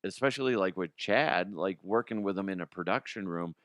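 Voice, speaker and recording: A man's voice: low voice, fairly quick, fairly bright tone, no echo, clean studio sound. A man hosting a comedic sports talk show, rambling and profane, slipping into mock impressions.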